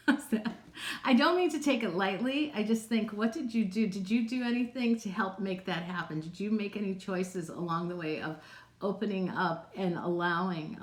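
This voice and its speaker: A woman psychic chatting casually on a live stream, answering viewers' questions in a rambling way with frequent laughs. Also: mid-range voice. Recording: roomy, echoey room sound.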